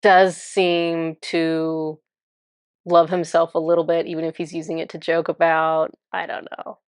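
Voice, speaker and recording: A woman telling a story to camera in a casual, chatty way, laughing often and sometimes dropping to a hushed murmur. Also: sits low, flat delivery, measured pace, smooth, no echo, studio quality. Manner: chatty and amused, laughs often while recounting. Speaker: spiritual channeler.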